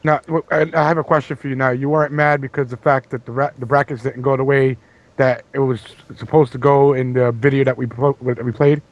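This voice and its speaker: A man's voice: medium pitch, little pitch movement, fairly quick, lo-fi sound. A man co-hosting a gaming talk show, asking questions hesitantly with many fillers.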